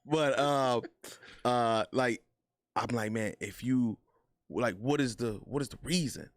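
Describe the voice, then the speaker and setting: A man hosting a casual interview, easygoing and quick with affirming interjections. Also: mid-range voice, dry recording, studio quality. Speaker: host.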